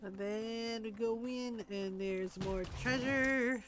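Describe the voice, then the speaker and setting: A woman streaming a game, sleepy and yawning through her commentary. She talks at a very slow, unhurried pace and fills the gaps with soft thinking-aloud fillers. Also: on the high side, fairly even intonation, faint music behind. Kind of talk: casual gameplay commentary.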